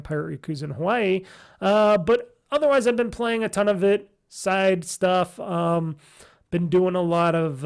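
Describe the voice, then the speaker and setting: A man hosting a casual solo gaming podcast, talking in a rambling way full of fillers and restarts, with a nasal, stuffy, tired voice. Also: high voice. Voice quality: nasal, gravelly. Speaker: podcast host.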